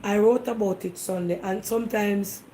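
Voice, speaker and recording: A woman's voice: medium pitch, fairly even intonation, moderate pace, dark tone, slight background noise, poor audio. A woman with a Jamaican accent hosting a casual talk show. She speaks straight to her viewers in an emphatic, insistent way and keeps firing questions back at them. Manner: emphatic, fires rhetorical questions at listeners; speaks directly to the audience, defensive and insistent.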